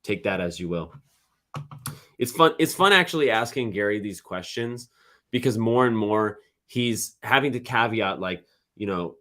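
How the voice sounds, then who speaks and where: Man, podcast host, low-pitched, casual solo commentary, restarts often. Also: lively intonation, moderate pace, sharp tone. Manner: conversational, many fillers and restarts.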